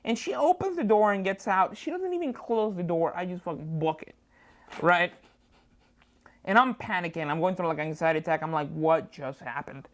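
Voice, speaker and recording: A female comedian with a lowish, expressive voice tells a lively story at a moderate pace while guesting in a studio. Her delivery is jumpy, and she swings widely as she acts out both sides of the exchange.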